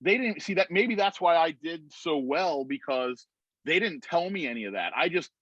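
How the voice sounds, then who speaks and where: A man telling an animated story on a video call, acting out the voices of other people. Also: on the high side, moderate pace, background noise. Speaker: guest. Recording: dry muffled video-call audio.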